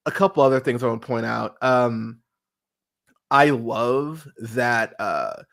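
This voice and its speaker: A man hosting a casual podcast review chat, excitable and quick to swear, acting out lines as he retells scenes. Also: medium pitch, vocal fry. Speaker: podcast host.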